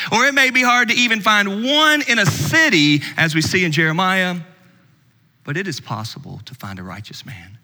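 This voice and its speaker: A man preaching a sermon as pastor, swinging between loud emphasis and hushed asides. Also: on the high side, in a large hall.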